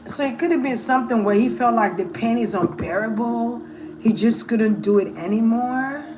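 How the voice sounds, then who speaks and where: A woman's voice: on the high side, moderate pace, over music, poor audio. A woman giving a casual tarot reading, thinking aloud in a hesitant, musing way. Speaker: tarot reader.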